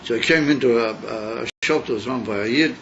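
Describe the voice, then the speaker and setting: A man giving a yeshiva class lecture, mixing English with Yiddish and Hebrew terms and pausing often with fillers. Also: medium pitch, a bit bright. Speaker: Torah teacher. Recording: dull lo-fi class recording with faint noise.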